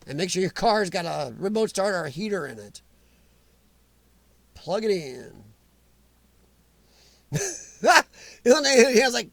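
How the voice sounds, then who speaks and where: A man's voice: high-pitched, sing-song, unhurried, vocal fry, long pauses, fairly bright tone, no echo. A middle-aged man, hosting a casual live chat, teasing and joking with commenters. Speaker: livestream host reading chat.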